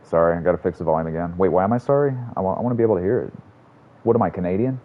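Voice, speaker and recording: A man with a low voice talks quickly over phone-quality audio while streaming a game. He chats casually and rambles, swearing a lot and tossing in self-mocking asides.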